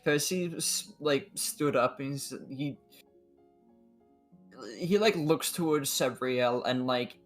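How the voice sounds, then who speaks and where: A man's voice: medium pitch, slow pace, soft background music. A man playing a tabletop role-play game, describing his character's actions in a hesitant, stumbling way. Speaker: player.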